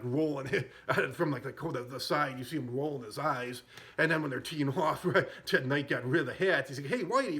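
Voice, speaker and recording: With a mid-range, slightly bright voice, a podcast host loosely recounts movie scenes. He meanders from point to point and chuckles along at what he's describing.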